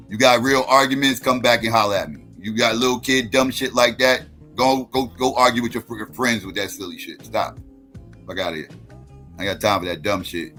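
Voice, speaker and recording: A man hosting a livestream, ranting hard and cursing constantly, hammering the same points over and over. His voice is bright and forceful, with faint music underneath. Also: fairly low pitch. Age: adult. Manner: combative, profane, repetitive. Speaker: livestream host. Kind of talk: heated livestream rant.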